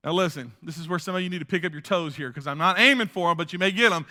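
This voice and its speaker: A male pastor preaching a sermon in an animated way, swinging from loud bursts down to hushed asides. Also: on the high side, fast talker.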